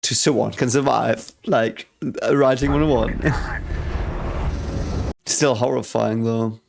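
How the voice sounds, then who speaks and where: A man hosting a reaction video, talking casually and excitedly, swearing often and thinking aloud. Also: medium pitch, takes it slowly, gravelly, background noise.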